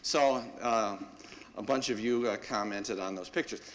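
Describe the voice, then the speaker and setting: A man's voice: fairly low pitch, measured pace, big-room sound, slight background noise. A man, a parish priest, giving a folksy, anecdotal homily full of fillers and asides. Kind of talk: conversational homily.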